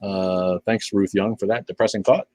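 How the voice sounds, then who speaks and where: Blunt, profane older man, low voice. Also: fairly even intonation, normal speed, a little mellow, poor audio. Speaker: live stream host. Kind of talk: casual live-stream chat reading viewer comments.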